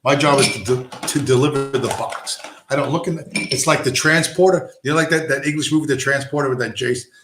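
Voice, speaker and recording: A man's voice: mid-range voice, steady tone, fairly quick, background noise. A man streaming, telling a rambling story with heavy swearing and constant asides. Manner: profane, digressive, lots of fillers. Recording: roomy echo.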